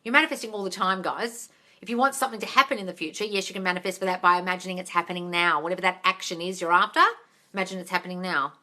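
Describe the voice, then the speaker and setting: An Australian woman with a lowish, fairly even voice races through a live Q&A in a sharp tone. Hosting the stream, she reads viewer comments aloud and answers them bluntly, swearing plenty and calling people darling.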